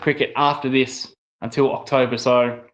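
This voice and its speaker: A man from South Australia with an Australian accent, commentating a cricket match live for his stream in a casual, excitable way that jumps up on big moments. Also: medium pitch, normal speed. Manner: excitable, rises sharply on wickets.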